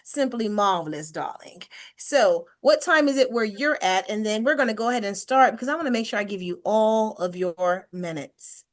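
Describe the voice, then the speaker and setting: A woman hosting over a video call, lively and playful, laughing easily. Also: mid-range voice, normal speed, few pauses. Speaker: next segment host. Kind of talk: casual hosting chat.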